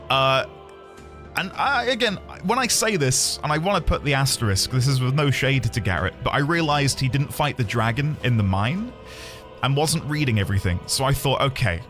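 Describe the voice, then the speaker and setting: Man, 30s, game streamer, lively and up-and-down, chatty and self-deprecating, at a home desk mic. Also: mid-range voice. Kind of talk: casual live-stream chat.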